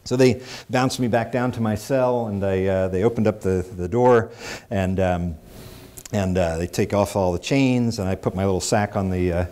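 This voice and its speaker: A man's voice: lowish voice, normal speed, dark tone. A middle-aged man telling a personal story in a public talk, with wry, self-deprecating humor. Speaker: speaker.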